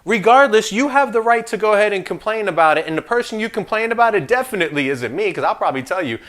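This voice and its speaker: A man with a high voice teaches an insurance licensing class at a quick clip with hardly any pauses. He keeps it casual and jokey, throwing in animated asides and playful trash talk.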